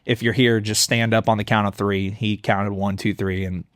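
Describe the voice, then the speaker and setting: A man's voice: fairly low pitch, flat delivery, dry recording, studio quality. A man in his thirties, a mayoral candidate, telling his life story candidly and earnestly in a podcast interview. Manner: earnest, candid, quick to laugh. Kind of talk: conversational storytelling. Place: on-site in a coffee shop.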